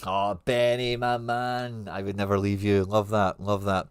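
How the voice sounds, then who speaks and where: Chatty Scottish man with a low voice. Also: flat delivery, unhurried, smooth, dry recording, clean studio sound. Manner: chatty, reads out viewer comments and answers them; informal slang, friendly teasing. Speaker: livestream host. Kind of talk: casual livestream chat.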